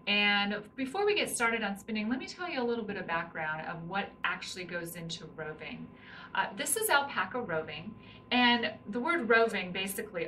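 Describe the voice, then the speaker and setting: A middle-aged woman with a mid-range, pushed, bright voice teaches hand spinning, explaining every step as she demonstrates with her hands. The mic sits slightly distant, catching faint room noise.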